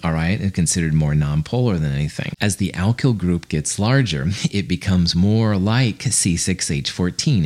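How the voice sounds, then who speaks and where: A man with a deep, low voice teaches chemistry in a recorded screencast. He explains things casually and chattily, and drops in self-deprecating jokes. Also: a little mellow. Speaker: college chemistry instructor.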